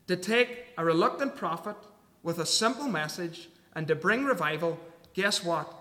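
Bright-voiced male preacher in a reverberant hall. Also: high voice, expressive, moderate pace. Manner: earnest, emphatic, reads scripture aloud. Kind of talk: sermon.

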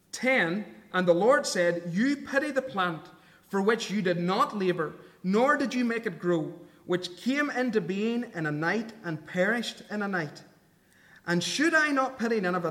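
A man's voice: sits high, a bit bright, in a large hall. A man preaching a sermon, earnest and emphatic, reading scripture aloud and explaining it.

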